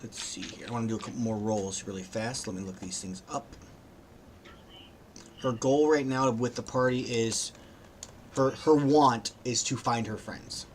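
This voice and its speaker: A man's voice: medium pitch, moderate pace, slight background noise. Man, game master, casual tabletop narration, thinking aloud, faint typing behind.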